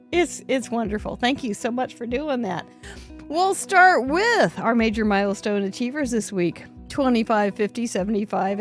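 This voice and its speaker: A woman hosting a live craft show, cheerfully reading out names and card counts, laughing often. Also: on the high side. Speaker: host.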